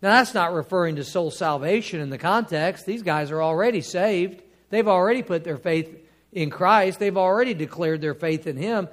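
A man preaching a sermon as pastor, quoting scripture and building to emphatic, drawn-out points. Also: high-pitched, fairly bright tone. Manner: preaching with rising emphatic bursts and drawn-out key words; quotes scripture in old King James wording.

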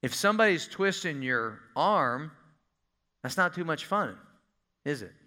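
Preacher guy, folksy, keeps asking the crowd stuff, bright voice. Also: fairly high pitch, unhurried. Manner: animated, folksy, asks the congregation questions. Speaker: pastor. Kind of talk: sermon.

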